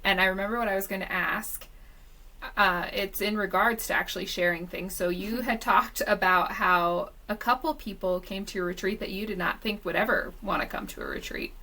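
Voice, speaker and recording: Gravelly-voiced woman podcast host. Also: mid-range voice, moderate pace, pushed and bright, rough recording. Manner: encouraging, speaks to listeners directly. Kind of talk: casual interview chat.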